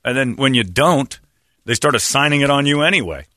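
A man's voice: medium pitch, lively intonation, a little fast, sharp tone, no echo, studio quality. A man hosting a radio show, joking in casual banter with wry asides.

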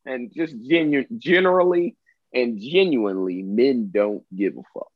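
A man's voice: mid-range voice, animated, normal speed, dry recording, narrow, tinny audio. A man co-hosting a casual chat, telling stories with acted-out quotes, swearing freely and laughing often. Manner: storytelling, acts out quotes, profane, laughs a lot.

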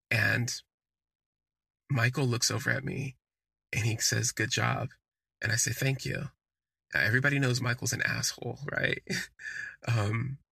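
Male podcast host, gravelly and husky, candid conversational storyteller. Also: medium pitch, pushed and bright, no room sound. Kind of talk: casual storytelling monologue.

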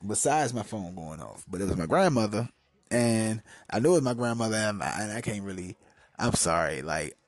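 A man's voice: lowish voice, expressive, normal speed, dry recording. Profane, rambling podcast storyteller man. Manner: profane, rambling, swings from mumbling to loud outbursts. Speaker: podcast host. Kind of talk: casual storytelling podcast monologue.

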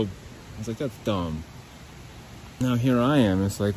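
Low-voiced man rambling outdoors. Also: normal speed, a little mellow, slight background noise, low-quality recording. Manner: rambling, swears freely, self-mocking. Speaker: podcast host. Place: outdoors by a creek.

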